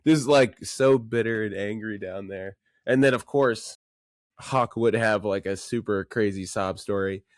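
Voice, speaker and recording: Low-voiced man in laid-back film chat. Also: measured pace, dry recording, studio quality. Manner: laid-back, laughs often, acts out film lines. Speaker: podcast co-host. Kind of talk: casual film discussion.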